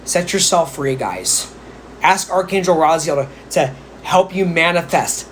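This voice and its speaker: On a live stream, a psychic medium offers casual spiritual advice, chatting and rambling with playful asides. His voice sits fairly high and is a little slow and slightly bright, with a touch of background noise.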